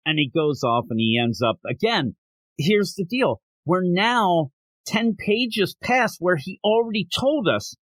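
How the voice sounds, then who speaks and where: A man co-hosting a comic review podcast, recapping scenes in a casual, jokey way and dropping quick voices for the characters. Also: sits high, animated, no echo. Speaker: podcast co-host reviewing manga. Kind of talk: casual chat.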